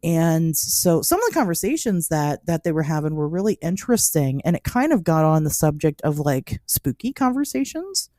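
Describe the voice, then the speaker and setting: Animated, low-voiced woman podcast host. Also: normal speed, few pauses, no echo, studio quality. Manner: animated, laughing often, many "like" fillers. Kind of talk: casual storytelling chat.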